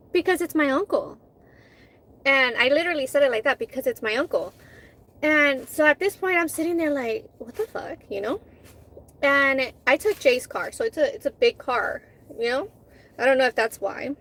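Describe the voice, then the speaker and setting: A woman's voice: on the high side, low-quality recording. A woman vlogger in casual chat with her live viewers, candid, swearing freely and acting out conversations as she tells them.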